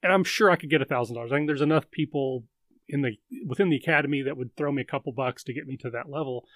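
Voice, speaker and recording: A man's voice: mid-range voice, very fast, a bit bright, dry recording. A man hosting a casual live chat, rambling and thinking aloud with lots of fillers. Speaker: livestream host.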